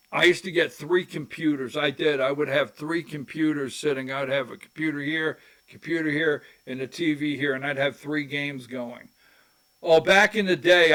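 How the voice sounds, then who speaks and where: A man's voice: fairly high pitch, a bit bright. A man hosting a political talk show, rambling in a folksy way and repeating his phrases as he goes. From rural Georgia. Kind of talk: casual commentary monologue.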